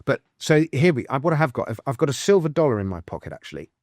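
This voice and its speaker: A man, speaking as a guest author in a casual interview, chatty and explaining with quick restarts and asides. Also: medium pitch, sing-song, no room sound, clean studio sound. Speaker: author and financial commentator, guest.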